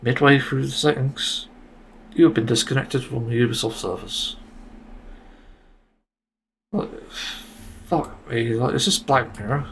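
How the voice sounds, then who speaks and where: A man's voice: medium pitch, fairly even intonation, normal speed, creaky, slight background noise. A man hosting a solo podcast, ranting in exasperation and swearing often. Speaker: podcast host.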